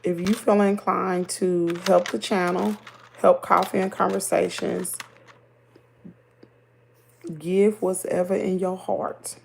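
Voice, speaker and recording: A middle-aged woman with a Southern American accent hosts a livestream, chatting casually and reading viewer comments in a lively, talkative way. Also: on the low side, slow, gravelly, pauses often, a little hiss or hum. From Southern United States. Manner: chatty, animated, laughs easily. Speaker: livestream host.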